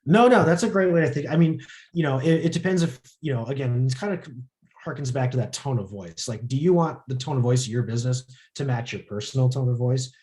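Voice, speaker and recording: A man with a mellow, rounded voice runs an informal workshop for a small group. He talks loosely and easily, filling his sentences with casual filler words as he explains. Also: mid-range voice, quick pace. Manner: relaxed, lots of filler words. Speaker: social media workshop presenter.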